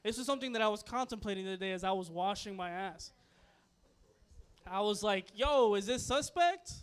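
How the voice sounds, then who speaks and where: A man's voice: high-pitched, fairly even intonation, brisk, a bit bright, clean tone. A male stand-up comedian doing a laid-back set, tagging lines with "you know what I mean". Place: small comedy club, live audience.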